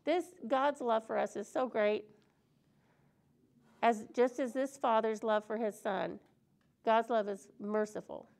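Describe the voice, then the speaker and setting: A woman's voice: fairly high pitch, steady tone, unhurried, creaky, pauses often, a little mellow. A woman preaching an earnest, conversational sermon in a church service.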